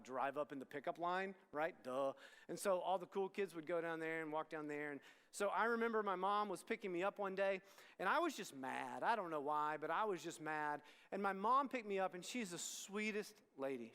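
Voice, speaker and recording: A middle-aged Texan student ministry pastor delivers a youth sermon in a candid, conversational style, frequently restarting sentences and addressing the crowd. His voice is high for a man, fairly bright, clear, and resonant, echoing with the long reverb of a large worship hall.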